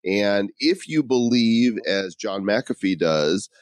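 A man's voice: on the low side, expressive, slow pace, dry recording. A man co-hosting a podcast in casual chat, joking around and reading out bits of articles. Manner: joking, reads out article quotes. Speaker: podcast co-host.

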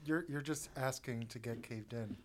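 A man's voice: mid-range voice, moderate pace, a little mellow. A man co-hosting a casual podcast, wry and opinionated, tossing in quips. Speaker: podcast co-host. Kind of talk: casual chat.

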